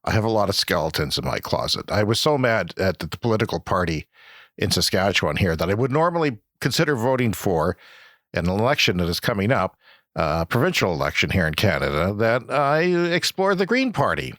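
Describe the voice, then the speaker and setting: Comedy podcast host, self-pitying and melodramatic, very animated delivery. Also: male voice, on the low side, brisk, no echo, studio quality. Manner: whiny, self-pitying, mock-dramatic. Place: Saskatchewan, Canada.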